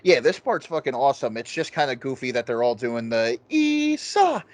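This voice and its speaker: A man co-hosting a casual movie review chat, talking excitedly and swearing often. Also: mid-range voice, fairly quick, dry recording. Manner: excited, profane, quotes scenes in goofy voices. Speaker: podcast co-host.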